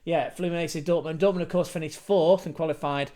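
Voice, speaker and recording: Man from England, football vlogger, slightly high voice, swears a lot, rambling casual chat. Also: fairly even intonation, a little fast, warm tone. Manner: chatty, swears freely, rambling asides.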